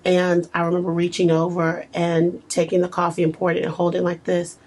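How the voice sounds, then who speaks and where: Husky low-voiced woman telling her story. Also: completely flat delivery, fairly quick, darkish tone, poor audio. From United States. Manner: earnest, emotional storytelling. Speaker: guest. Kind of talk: casual interview.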